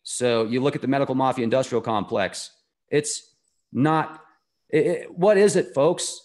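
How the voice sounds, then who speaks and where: A man of ordinary pitch speaks as an interview guest. He tells his story conversationally, earnest and enthusiastic, and wanders from point to point. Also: measured pace, a little mellow. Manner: earnest, enthusiastic, rambling delivery.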